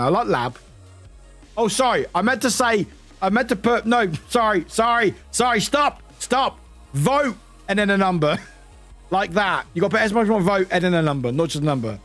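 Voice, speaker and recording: Chatting casually while he plays on a live stream, a British man speaks at a moderate pace in a high, wildly animated voice that jumps around. He laughs a lot, curses freely and lets out shrill yells, with soft music playing low behind him.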